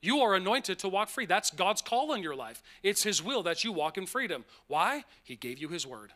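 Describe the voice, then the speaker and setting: With a high voice, the preaching pastor stays animated and emphatic throughout. He eases his pace on key lines and sprinkles in lighthearted asides.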